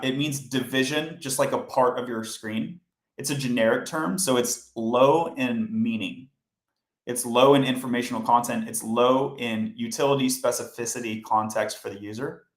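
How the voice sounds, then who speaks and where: A man of middle pitch walks viewers through code on a live stream, chatty and step by step, often turning to his chat. His voice carries a noticeable room echo. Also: normal speed. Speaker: coding livestream host. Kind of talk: casual live coding tutorial. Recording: roomy echo.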